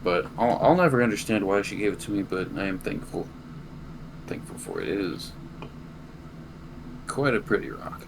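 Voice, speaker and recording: A young man co-hosting a casual podcast relates a long, rambling story at a moderate pace in a very low, creaky voice, with long pauses along the way. He swears freely, and steady background noise persists underneath.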